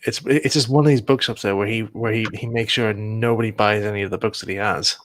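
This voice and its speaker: A man's voice: lowish voice, fairly even intonation, brisk, slight background noise. A young man hosting a livestream, chatting casually while working on models, rambling and laughing. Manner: rambling, laughing, self-correcting. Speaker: livestream host.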